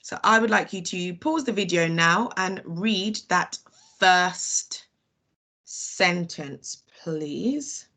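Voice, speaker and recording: A British woman leads a children's phonics lesson, breaking words into single sounds before blending them. She speaks very slowly and deliberately, her voice a little low. She praises the listener often. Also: lively intonation, sharp tone. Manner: slow, sounds out letters one by one, praises often. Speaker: teacher.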